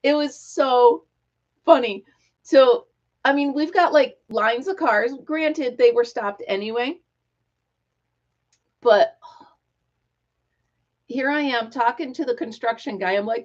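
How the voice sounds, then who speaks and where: A woman's voice: on the high side, a little slow, long pauses. Gushing woman on a lo-fi livestream. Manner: excitable, gushing, tells stories with quoted voices. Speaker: livestream host. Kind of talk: casual live-stream chat. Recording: dull lo-fi live-stream audio.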